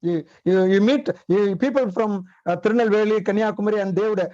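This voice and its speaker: A man with a very high voice and an Indian English accent gives a spoken English lesson, a Tamil native speaker who keeps repeating key words and asking rhetorical questions. The sound is dry and close, with a dull, muffled quality. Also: a little fast, mellow, no room sound. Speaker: English teacher.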